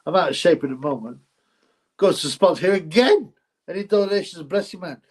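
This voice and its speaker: Man, live-stream host, casual rambling chat, slightly high voice. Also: expressive, moderate pace. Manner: rambling, repeats phrases, effusively thanks donors. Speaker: livestream host reading donations.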